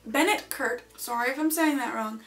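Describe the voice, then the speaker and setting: A woman's voice: high voice, moderate pace, fairly bright tone, soft background music. A young adult woman chatting casually to camera in a vlog, offhand and jokey, with lots of fillers. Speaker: video creator.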